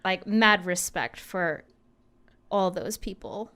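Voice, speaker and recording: Female podcast co-host, clean smooth voice, mid pitch, chatty and informal. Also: slow, pushed and bright. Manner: chatty, lots of "like" fillers. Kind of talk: casual chat.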